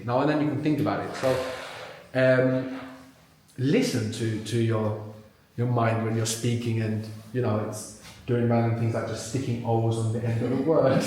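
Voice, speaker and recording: The recording captures a very echoey workshop room where a male language teacher patiently quizzes a live audience and repeats words back to them. His mid-range voice is a touch mellow, with slight background noise.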